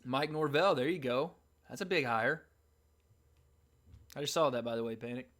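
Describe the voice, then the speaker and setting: Hosting a livestream, a man reacts live to a fight with casual, excited play-by-play, calling the action plainly and bursting into cheers at big moments. He speaks at a medium pitch and a moderate pace.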